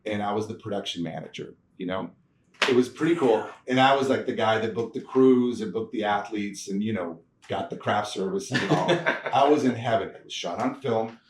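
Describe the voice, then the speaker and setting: A man telling stories from his career in a casual interview, animated, laughing often and acting out the people he quotes. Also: lowish voice, normal speed. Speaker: guest, TV producer. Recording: echoey room, mic at a distance, faint noise.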